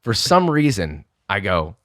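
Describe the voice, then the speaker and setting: A young man telling a lively story in casual chat, swearing freely and acting out the people he quotes. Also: lowish voice, a little slow, no room sound, clean studio sound. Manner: animated, swearing, acts out quotes. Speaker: podcast guest.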